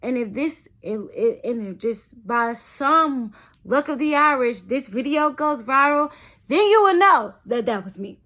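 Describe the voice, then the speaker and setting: A young adult woman with a high voice tells a personal story at an unhurried pace in a casual vlog. She's chatty and animated, often talking straight to her viewers and calling them "y'all."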